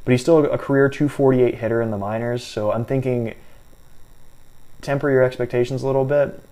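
A man in casual sports talk, reeling off numbers and player takes in a measured, hedging way. He restarts his sentences often and keeps an easygoing, conversational flow at a middling pitch. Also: fairly even intonation, dark tone. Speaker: fantasy baseball podcast co-host. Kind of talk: casual analytical sports chat.

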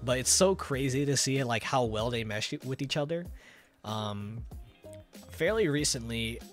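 A man chatting casually on a live stream, animated and giggly, rambling with restarts. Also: mid-range voice, a little slow, faint music behind. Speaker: VTuber streamer.

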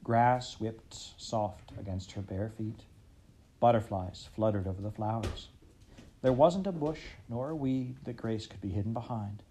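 A man reading a storybook aloud in an expressive, dramatic way. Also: lowish voice, measured pace, slight background noise, poor audio. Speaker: reader.

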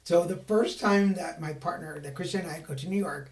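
A man from California, a podcast guest, telling a story in a lively, self-mocking way and acting out other voices. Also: on the high side, fairly quick. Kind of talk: casual storytelling. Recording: echoey room.

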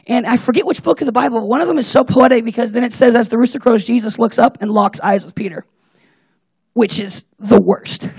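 Casual young-church male preacher, animated storyteller, raspy tone, high-pitched. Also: no echo. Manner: animated, jokey, acts out Bible characters. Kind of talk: casual sermon.

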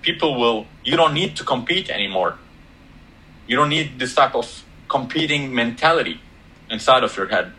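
A man in a reflective podcast conversation, explaining ideas slowly with pauses between words. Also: mid-range voice, lively intonation, pushed and bright, poor audio. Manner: slow, deliberate, pausing between words, explaining step by step. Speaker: podcast guest or host.

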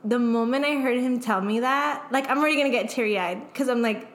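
Young woman guest, slightly high voice, raw and candid, roomy echo. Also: brisk. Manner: emotional, frequent "like" fillers, swearing. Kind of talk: candid casual chat. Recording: echoey room.

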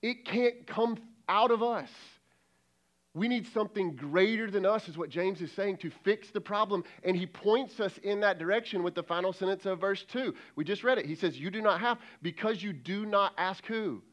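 A man's voice: high-pitched, normal speed. A man who is a lead pastor, preaching a sermon in a conversational way and often asking rhetorical questions. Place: church service.

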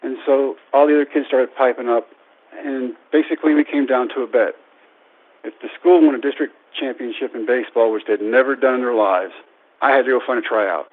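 A man in his thirties, a baseball coach, telling a lively personal story to an audience and acting out the voices in it. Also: medium pitch, a little fast. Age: 30s. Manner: animated, acts out quoted voices. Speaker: baseball coach and public speaker. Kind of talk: storytelling speech. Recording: tinny phone-like radio broadcast.

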